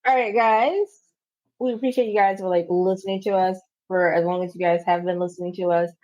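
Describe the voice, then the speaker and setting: Female co-host, casual and chatty, lower-pitched, dry sound. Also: steady tone, brisk, darkish tone, no echo. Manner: easygoing, chatty, lots of fillers. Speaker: podcast co-host. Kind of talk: casual chat.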